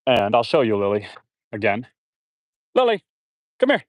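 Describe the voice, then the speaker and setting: While watering trees outdoors on his homestead, a livestreamer chats casually, rambling to viewers and his animals. His voice is fairly low with huge pitch swings, at a normal speed and with no room sound.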